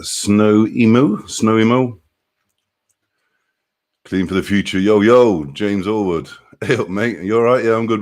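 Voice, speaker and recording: A man, casually chatting on a live stream and greeting viewers by name in an upbeat way. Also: lowish voice.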